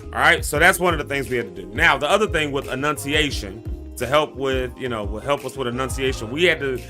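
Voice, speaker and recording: Over background music, a Southern-accented man with a medium-pitched voice talks briskly as he hosts a live morning stream. He chats loosely with viewers, calls them y'all, laughs a lot, and shares breathing tips along the way.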